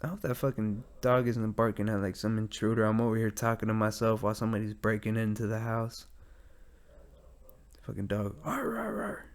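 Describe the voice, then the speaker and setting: Speaking a little fast in a lowish, level voice, a young adult podcast host rambles casually and profanely on his own. He records this laid-back solo show from his home garage.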